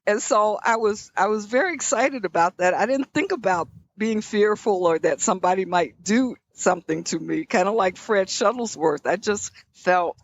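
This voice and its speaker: A woman's voice: medium pitch, moderate pace, few pauses, highs cut off. An older woman from Birmingham, Alabama, recalling her past as a guest in an interview, in a reflective storytelling manner. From Birmingham, Alabama, USA.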